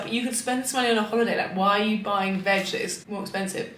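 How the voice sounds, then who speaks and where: Woman, 20s, British accent, casual vlog chat, self-deprecating, rambling, bright tone. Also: mid-range voice, fast talker, hardly any pauses, slight background noise. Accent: British English. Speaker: vlogger.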